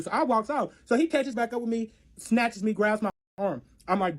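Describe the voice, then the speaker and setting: A man telling a story in casual chat, animated and profane, acting out both sides of the arguments. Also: high-pitched, a little fast, hardly any pauses.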